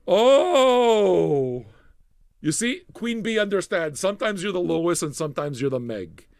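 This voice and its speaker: A man's voice: fairly quick, no room sound. A man hosting a live music stream, chatting casually and swearing freely as he rambles, jokes and riffs on the viewers' messages. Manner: profane, rambling, joking with the chat; animated, suddenly loud, then low and mumbling. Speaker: streaming radio DJ host.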